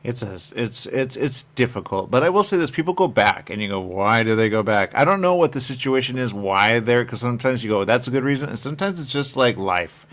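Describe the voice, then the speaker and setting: A man interviewing filmmakers, chatty and rambling, telling animated stories. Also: medium pitch, fairly quick, hardly any pauses. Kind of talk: festival interview.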